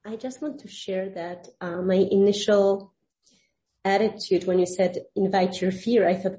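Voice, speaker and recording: Woman talking slow n unsure in a group, mellow voice, echoey room. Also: mid-range voice, fairly even intonation. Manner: hesitant, searching for words. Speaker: workshop participant. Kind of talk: personal sharing in a group.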